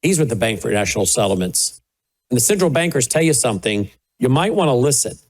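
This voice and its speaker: A man's voice: mid-range voice, sing-song, fast talker. A man hosting a political commentary show, talking indignantly and with sarcasm over played clips. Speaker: host.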